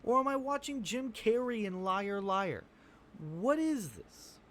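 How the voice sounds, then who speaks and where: A man's voice: high voice, big pitch swings, takes it slowly, fairly bright tone, slight background noise. Blunt, cussing man reviewing a movie. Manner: blunt, profane, rambling with fillers. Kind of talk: casual spoken review.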